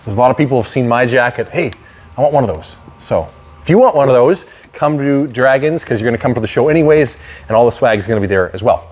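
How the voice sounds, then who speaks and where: A man's voice: mid-range voice, quick pace, darkish tone. A man hosting a casual showroom chat, upbeat and joking, with plenty of fillers. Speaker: show host.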